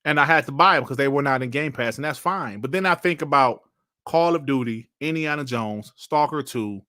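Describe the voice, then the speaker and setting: In a clean, dry studio recording, a man streaming casually mocks and responds to comments he reads aloud, laughing a lot and cursing. He speaks at a moderate pace in a bright, forceful mid-range voice.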